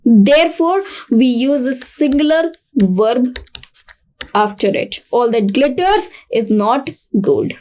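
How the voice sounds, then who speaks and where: A woman teacher with an Indian English accent walks through grammar rules for exam students, her voice pitched a little high. She explains patiently and says each point more than once in new words. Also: expressive, slow, a little mellow. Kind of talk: grammar lesson for exam prep.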